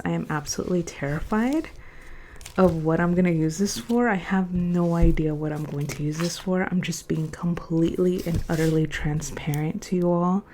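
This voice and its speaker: A woman's voice: on the low side, warm tone. A young woman chatting casually to camera about her planners, open and emotional, now and then dropping to a whisper. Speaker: planner unboxing vlogger.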